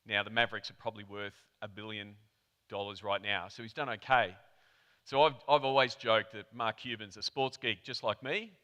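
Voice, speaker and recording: An Australian man gives a keynote talk in a reverberant hall, his bright, crisp voice carrying a long tail of echo. He tells his story in a chatty way, tossing quick asides to the audience. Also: on the low side. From Melbourne, Australia. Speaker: conference presenter. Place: conference hall.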